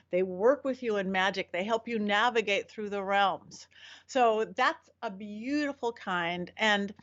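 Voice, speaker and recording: A woman host talks through a casual lesson, her fairly high voice jumping up for emphasis and doubling back to correct herself. The sound is a little dull and lo-fi. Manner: lively, swooping emphasis, self-correcting. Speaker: podcast host teaching magic.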